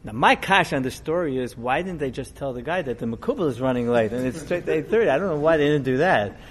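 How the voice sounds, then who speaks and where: A middle-aged man, a rabbi, giving a storytelling sermon in a conversational, digressive way that grows animated as the story builds. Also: fairly high pitch, quick pace, a little hiss or hum.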